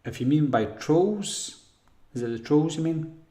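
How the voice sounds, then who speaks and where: A man's voice: on the high side, unhurried. A man hosting a casual live Q&A for a horror channel, reading chat questions and answering in a rambling way with lots of ums. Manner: relaxed, rambling, frequent ums and throat clearing. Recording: roomy echo.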